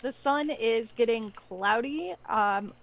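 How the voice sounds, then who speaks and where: A woman's voice: a little high, takes it slowly, creaky. A woman in a casual group chat, talking in an easygoing, matter-of-fact way.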